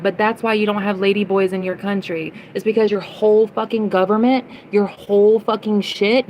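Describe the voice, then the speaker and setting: A woman's voice: medium pitch, a little mellow, slight background noise, rough recording. A young woman livestreaming, ranting at chat comments in a heated, profane way and repeating lines for emphasis. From United States.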